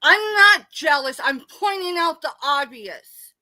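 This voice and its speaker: A woman's voice: sits high, lively intonation, measured pace, bright, forceful tone, slight background noise. A middle-aged woman, ranting angrily and tearfully on a late-night live stream. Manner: angry, tearful, confrontational.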